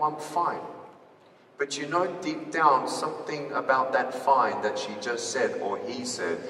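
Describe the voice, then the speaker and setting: A man giving a live motivational speech to an audience, animated and quizzing the crowd with call-and-response questions. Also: fairly low pitch, a little hiss or hum. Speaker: motivational speaker. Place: large hall with an audience. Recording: echoey hall recorded from far off.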